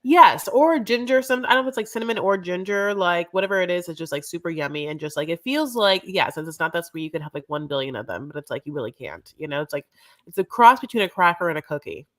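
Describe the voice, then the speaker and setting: A woman's voice: lowish voice, animated, fast talker, fairly bright tone. A woman co-hosting a casual reality TV podcast, talking in a rambling way full of fillers. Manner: chatty, rambling, lots of fillers. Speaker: podcast co-host. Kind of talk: casual chat about reality TV.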